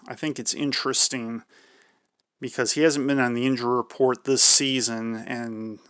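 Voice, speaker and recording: A man hosting his own sports channel, going through team injury reports in a measured tone and often hedging with "I believe". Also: mid-range voice, a bit bright, dry recording, clean studio sound. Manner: measured, repeats "I believe" and "for sure". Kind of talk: football injury preview commentary.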